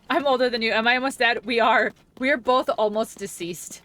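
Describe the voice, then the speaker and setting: A woman's voice: fairly high pitch, brisk, few pauses, fairly bright tone. A woman in her thirties chatting casually while streaming a game, rambling, laughing often and saying "like" a lot. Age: 30s. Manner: giggly, rambling, heavy use of "like". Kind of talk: casual live-stream chat while gaming.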